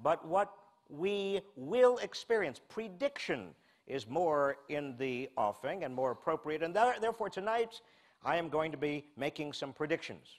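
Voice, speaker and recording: A man in his sixties from the United States giving a humorous public lecture, telling a wry self-mocking story with deadpan asides. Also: on the high side, moderate pace. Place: lecture hall before a live audience.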